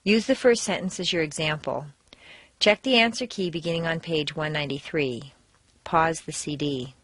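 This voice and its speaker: A woman with an American accent giving a recorded pronunciation lesson. She talks in clear, deliberate instructions and exaggerates word stress to demonstrate it. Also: sits low, a bit bright, no room sound. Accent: General American. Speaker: accent trainer.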